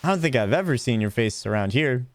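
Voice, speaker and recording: A man voicing a cheerful young male Pokémon hero in a game, reading in an eager high voice. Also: expressive, fast, close to an everyday voice.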